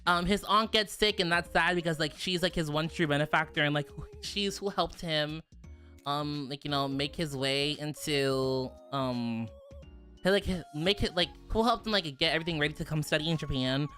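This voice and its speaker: A young adult woman chatting casually on a stream, animated, profane and quick to laugh. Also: sits low, soft background music. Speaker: virtual streamer.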